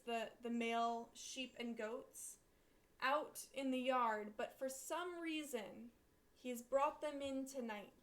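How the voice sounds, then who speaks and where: A woman teacher reading a classic text aloud and explaining it in a careful way, with a few fillers. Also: fairly high pitch.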